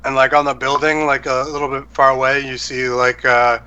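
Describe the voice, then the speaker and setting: A man's voice: medium pitch, little pitch movement, fairly quick, sharp tone, smooth. A young man narrating as dungeon master in a loose, rambling way, full of fillers. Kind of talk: narrating a tabletop game. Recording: dull lo-fi sound.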